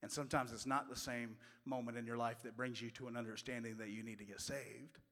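A man preaching a sermon, telling stories in a folksy way and moving from loud passages to hushed ones. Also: mid-range voice, fairly even intonation, a little fast. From West Virginia. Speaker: pastor. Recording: long hall reverb.

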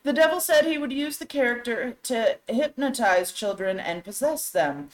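A woman's voice: on the high side, expressive, moderate pace, rough recording. A woman co-hosting a talk show, reading scary stories aloud with dramatic storytelling and shifting voices for the characters. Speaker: co-host.

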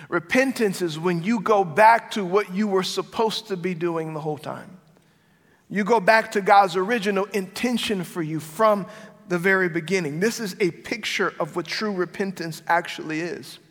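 A man's voice: sits high, normal speed, fairly bright tone. A male pastor preaching a sermon, emphatic and repeating his key phrases. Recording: long reverb of a large hall.

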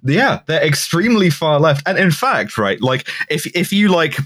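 A man talking on a podcast in a sardonic, sweary and halting way. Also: a little high, very animated, a bit bright. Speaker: podcast co-host. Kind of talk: casual chat.

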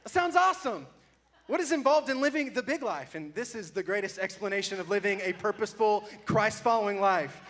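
A man's voice: sits high, animated, normal speed, fairly bright tone. A man in his thirties, a pastor preaching a sermon, telling self-mocking stories with frequent laughs before a congregation in church. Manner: joking, self-mocking storytelling, laughing often.

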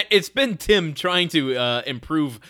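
A man's voice: on the high side, lively intonation, slow pace, sharp tone. A man co-hosting a podcast in casual chat, recapping a sitcom episode and laughing often between sentences. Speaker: podcast co-host.

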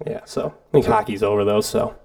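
A man's voice: fairly low pitch, fairly even intonation, brisk, creaky, darkish tone. A man from the Detroit area, co-hosting a podcast in loose, joking, profanity-laced casual chat. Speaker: podcast co-host.

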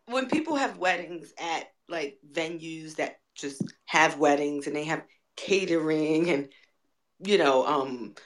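A young adult woman co-hosting a podcast, telling stories in an animated way and laughing often. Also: sits low, slow pace. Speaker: podcast co-host. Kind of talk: casual chat.

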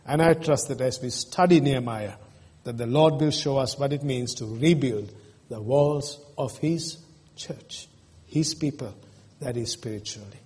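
A man's voice: medium pitch, a little slow, darkish tone, slightly rough. A man preaching a sermon as pastor, earnest and emotional, asking his congregation questions. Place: church. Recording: long reverb in a church hall.

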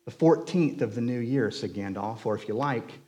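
A man voicing a wise, kindly old male wizard who speaks softly and measuredly, reading a novel aloud in a sermon. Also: mid-range voice, natural voice. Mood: calm. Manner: soft and measured.

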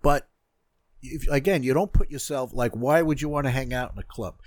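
A man's voice: mid-range voice, moderate pace, dry recording, studio quality. An older man, a martial arts instructor being interviewed, talking casually and rambling with frequent "you know" and restarts.

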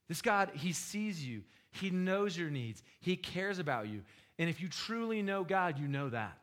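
A man's voice: high-pitched, sing-song, measured pace, fairly bright tone. Male preacher, casual sermon delivery with quips and questions to the room. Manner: conversational, joking with the congregation. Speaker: pastor.

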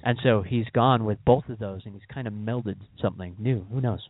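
A man hosting a casual podcast chat, talking in an animated, rambling way and often cutting himself off mid-word. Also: on the low side, brisk, no room sound. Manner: animated, rambling, self-interrupting. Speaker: podcast host. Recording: tinny phone-like dry recording.

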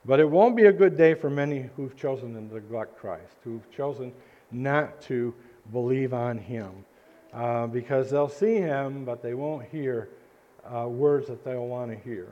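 A male pastor preaching a sermon in a church, earnest and halting, with frequent restarts. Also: mid-range voice, warm tone, muffled recording. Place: church sanctuary.

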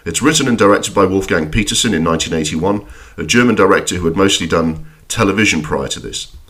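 A man's voice: low voice, animated, quick pace, a bit bright. A man hosting a film podcast, reading a scripted review with dry, self-deprecating humour and the odd swear word. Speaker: podcast host.

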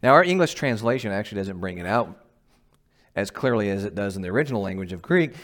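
A man's voice: on the low side, lively intonation, fast, fairly bright tone. A man, a pastor, giving a conversational, emphatic sermon and often asking the congregation questions. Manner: laughs at himself.

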